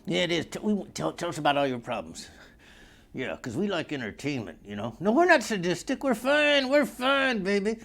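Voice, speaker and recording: A man's voice: fairly high pitch, sing-song, moderate pace, gravelly, a bit bright. A man hosting a comedy vlog, delivering a crude, rambling monologue that keeps slipping into put-on voices and a drawl.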